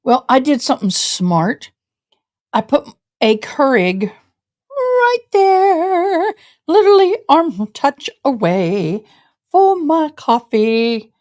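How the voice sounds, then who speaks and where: A woman's voice: high voice, sing-song, slow, darkish tone. A woman from Tennessee, chatting casually to her livestream viewers from her home office, a little tired. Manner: chatty, addresses chat as y'all. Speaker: livestream host.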